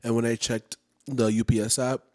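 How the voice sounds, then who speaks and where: A man's voice: medium pitch, flat delivery, moderate pace. A young man co-hosting a casual podcast, talking in a loose, rambling way and joking along. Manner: easygoing, rambling, self-correcting. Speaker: podcast co-host. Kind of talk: casual chat.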